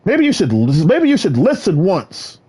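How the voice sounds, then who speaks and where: A man talks on his own for the camera, wandering from one thought to the next. His voice is husky and a little high for a man. His pitch leaps all over the place, from low muttering asides to sudden high, excited cries. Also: unhurried. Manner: animated, jumps between topics, bursts into high exclaims. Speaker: vlogger. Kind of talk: rambling solo monologue.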